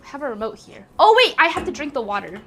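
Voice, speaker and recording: Young woman streamer, high bouncy voice, bubbly and scattered, chatting live from home. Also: big pitch swings, quick pace, noisy background. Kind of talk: casual live-stream chat. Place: at home by a walking pad.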